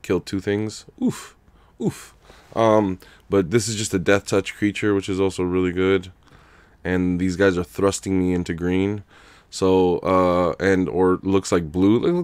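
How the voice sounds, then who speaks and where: A man's voice: low voice, no room sound. A young man casually commenting on his game live, using slang and thanking viewers for donations. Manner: casual, laughs loudly, slangy, reads donations aloud. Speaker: streamer. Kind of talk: live-stream gameplay commentary.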